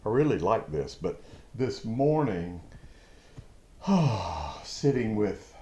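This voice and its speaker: Slow, deep-voiced man teaching scripture. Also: very animated, mellow, echoey room. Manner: slow, reflective, with emphatic outbursts. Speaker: preacher. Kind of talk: devotional Bible teaching.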